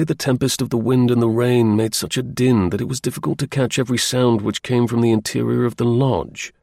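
A man reading a historical novel aloud as an audiobook narrator, with measured, dramatic storytelling. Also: mid-range voice, vocal fry, a little mellow, no echo, studio quality.

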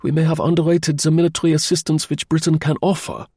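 A man doing a solemn old German baron, high and husky. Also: little pitch movement, fast, darkish tone, dry recording, studio quality. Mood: urgent warning. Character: pompous older male German baron, solemn and insistent.

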